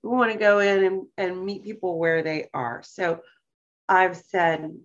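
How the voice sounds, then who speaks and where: A woman co-hosting a podcast in casual chat, talking slowly and thoughtfully and reading passages aloud with care. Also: on the low side, steady tone, highs cut off. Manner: slow, thoughtful, reads passages aloud carefully. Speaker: podcast co-host.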